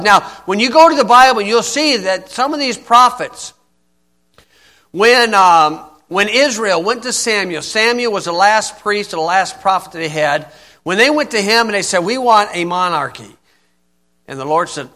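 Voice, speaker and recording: A man's voice: high voice, expressive, normal speed, bright, forceful tone. A man preaching an informal sermon in a folksy, blunt way, often asking "okay?".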